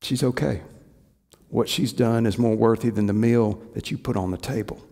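Male pastor, mid-pitched gravelly voice, storytelling sermon, long church reverb. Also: steady tone, normal speed, dark tone. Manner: storytelling, acts out quoted lines. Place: church sanctuary. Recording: echoey church hall.

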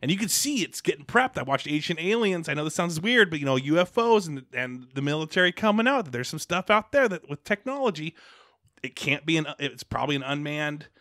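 Male podcast host, slightly high, bright tone, rambling delivery, dry close sound. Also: fairly quick, no echo. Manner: rambling, animated, lots of restarts. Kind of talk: casual chat.

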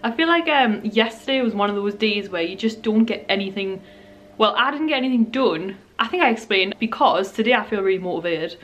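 A woman's voice: medium pitch, fairly quick, a bit bright. Young woman, chatty home vlog, rambling, handheld camera. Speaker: vlogger. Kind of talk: casual home vlog chat. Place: at home, indoors.

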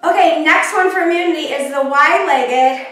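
Upbeat woman yoga teacher, high voice, chatty cues, recorded in a very echoey room from afar with soft music. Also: normal speed, far from the mic. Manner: encouraging, chatty, self-teasing asides. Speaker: yoga instructor. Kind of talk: guided yoga class instruction.

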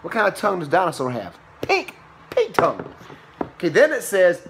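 A man reading a picture book aloud to a young child in a playful, exclaiming way, slowing on the quoted lines and ending with a short Bible lesson. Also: wildly swooping pitch, gravelly, very noisy. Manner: playful, exclaiming, with sudden high squeals and slow drawn-out quoted lines; turns preachy when giving a Bible lesson. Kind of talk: animated read-aloud storytime.

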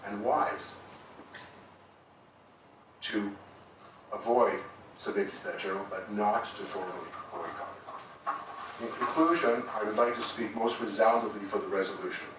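A man making a formal debate speech in a lecture hall, measured and emphatic, with wry asides. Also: fairly low pitch, a little hiss or hum. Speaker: debate speaker. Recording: echoey hall recorded from far off.

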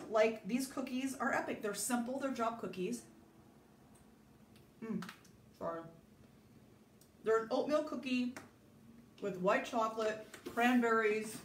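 A woman's voice: mid-range voice, roomy sound, far from the mic, a little hiss or hum. A middle-aged woman from Southern California hosting a casual live baking demo, chatty and rambling, greeting viewers by name. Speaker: home cook hosting a live baking video. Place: home kitchen.

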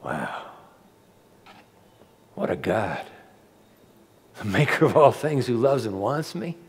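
A male pastor telling a sermon story to a live audience, dramatic and swinging from hushed to loud, with rhetorical questions. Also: on the low side, big pitch swings, slow pace, in a large hall.

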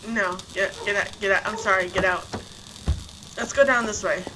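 A woman's voice: mid-range voice, steady tone, moderate pace, noisy background. A woman playing a video game and commenting casually, thinking aloud and easily startled.

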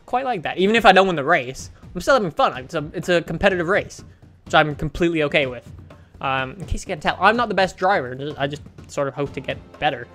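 A man commenting on his racing game play in a chatty, self-mocking way, with sudden excited outbursts. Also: fairly high pitch, fast, faint music behind. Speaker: gaming channel host.

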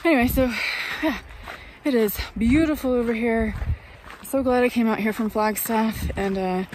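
A woman vlogging about van life, chatting casually with fillers while walking outdoors on windy hills and filming with a handheld camera. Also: fairly high pitch. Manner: chatty, enthusiastic, rambling with fillers. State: out of breath while walking uphill. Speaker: vanlife vlogger. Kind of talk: casual vlog narration and walk-and-talk.

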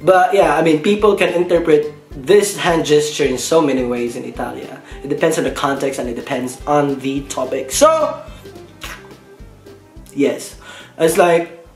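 A man's voice: on the high side, animated, faint music behind. Giggly filipino guy vlogging, bouncy sing-song voice, roomy echo. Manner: playful, giggly, acts out quick voices. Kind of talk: casual explainer vlog. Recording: echoey room.

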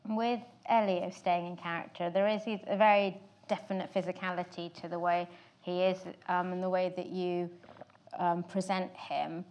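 A woman's voice: fairly low pitch, level tone, moderate pace, a little mellow, muffled recording. A woman interviewer asking long, hedged questions full of "kind of" and "you know".

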